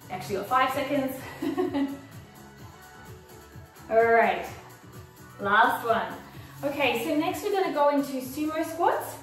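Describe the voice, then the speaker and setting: High-voiced woman leading a workout, echoey. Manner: encouraging, cueing moves and counting time. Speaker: fitness instructor. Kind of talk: guided workout instruction. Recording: echoey room, mic far off, faint music.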